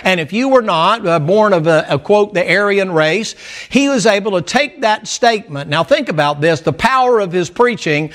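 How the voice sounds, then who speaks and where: Man preaching, folksy storytelling, bit high-pitched, gets emphatic. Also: animated, normal speed, fairly bright tone. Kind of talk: sermon.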